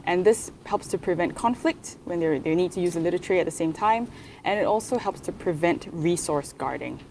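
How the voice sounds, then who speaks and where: Female veterinarian, measured and explanatory, slightly low voice, faint noise. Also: a little mellow. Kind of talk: explaining pet care.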